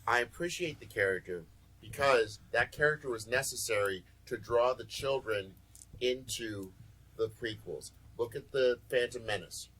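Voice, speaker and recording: A man's voice: medium pitch, moderate pace, fairly bright tone, low-quality recording. A man hosting a casual podcast, ranting and joking. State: sore back. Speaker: podcast host.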